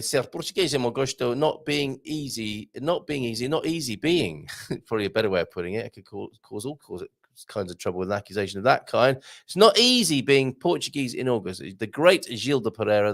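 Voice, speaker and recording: Gravelly, rambling male livestream host. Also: mid-range voice. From England. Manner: rambling, self-interrupting, chatty with bursts of excitement. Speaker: host reading viewer comments. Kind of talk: casual livestream chat.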